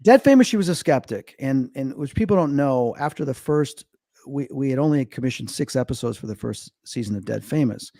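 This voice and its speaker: This is a dry, clean studio recording of a medium and paranormal investigator from Chicago, a man in his fifties, being interviewed. Telling stories in a relaxed way, he talks quickly and animatedly, acting out the dialogue he quotes with large pitch leaps.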